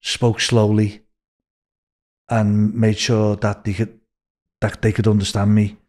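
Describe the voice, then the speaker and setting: A man in his sixties from Liverpool with a Scouse accent, a podcast guest telling a story in an animated way, acting out what people said. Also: lowish voice, takes it slowly. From Liverpool, England. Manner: animated, acts out quoted speech in a raised voice. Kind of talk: anecdotal storytelling.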